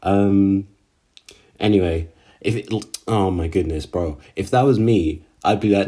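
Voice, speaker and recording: A man's voice: low-pitched, a little slow, mellow, slightly rough. A man recapping an anime episode in a casual, slangy way, often exasperated and full of fillers. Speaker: anime reviewer.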